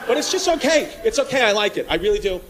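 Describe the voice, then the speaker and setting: Loud, high-pitched stand-up comedian. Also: male voice, very animated, fast. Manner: loud, riffing, crowd work. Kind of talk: stand-up set. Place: comedy club with live audience. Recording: live club recording with crowd noise.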